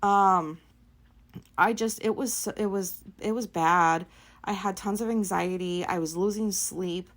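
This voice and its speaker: A woman's voice: mid-range voice, fairly even intonation, measured pace. A woman, likely, hosting her own show and telling a personal story in a blunt, profane, filler-heavy way. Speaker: podcast host.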